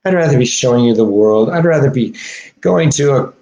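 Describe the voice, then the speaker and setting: Rambling, profane man with a lively voice. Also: mid-range voice, a little fast, a little hiss or hum. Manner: swings from muttering to shouting; laughs between phrases.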